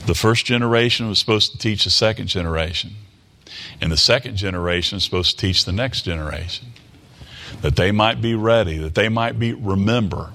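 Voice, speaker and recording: A man's voice: fairly low pitch, a little fast, sharp tone, a little hiss or hum. A man preaches a sermon, moving between scripture reading and plain explanation. He talks in a folksy, conversational way and checks in with his hearers through rhetorical tag questions.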